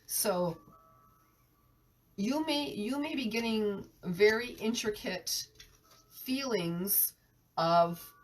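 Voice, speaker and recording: A woman's voice: mid-range voice, expressive, extremely slow, pauses often, recorded from a distance. A woman with a cold giving an earnest live tarot reading, often restarting her sentences as she talks about what she senses. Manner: earnest, restarts often, speaks of sensing energies. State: has a cold, coughing. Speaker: tarot reader.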